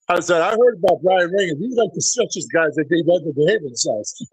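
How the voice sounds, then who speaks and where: A middle-aged man with a fairly high, husky voice, guesting on a podcast. He rambles through backstage anecdotes, chuckling as he goes. The sound is close and dry. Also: animated, fairly quick, dry recording, rough recording. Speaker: professional wrestler, guest. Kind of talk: casual storytelling interview.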